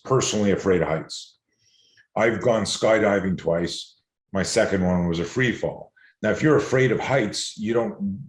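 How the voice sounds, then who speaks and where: A man who teaches self-defense, telling stories in an interview in an animated, digressive way. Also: deep voice. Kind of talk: storytelling interview answers. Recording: roomy echo.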